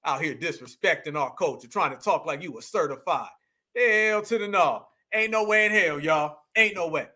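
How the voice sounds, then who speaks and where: A man's voice: on the high side, lively intonation, moderate pace, sharp tone. A man doing heated reaction commentary, mocking the clip he plays and repeating his phrases for emphasis. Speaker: online political commentator.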